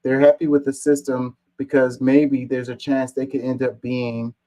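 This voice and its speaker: A man's voice: mid-range voice, level tone, normal speed, mellow, rough recording. A man reading online comments aloud and answering them in an exasperated, casual rant, swearing and firing off rhetorical questions.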